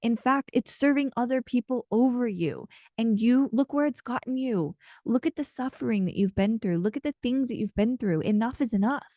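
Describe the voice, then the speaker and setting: A woman with a mellow, warm voice talks through a channeled card reading. She speaks casually and earnestly, rambling with plenty of fillers. Her voice sounds close and dry, with no room around it. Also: on the high side, normal speed, few pauses, dry recording. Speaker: intuitive card reader and channeler.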